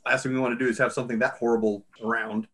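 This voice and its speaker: A man's voice: mid-range voice, flat delivery, very fast, a bit bright. A man playing a healer character in a tabletop game, speaking politely and formally in character. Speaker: player. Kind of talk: in-character role-play.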